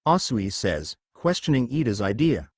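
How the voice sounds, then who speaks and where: A man narrating a fan-written story in a lively, expressive reading voice. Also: medium pitch, moderate pace, no room sound, studio quality. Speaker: fanfiction narrator.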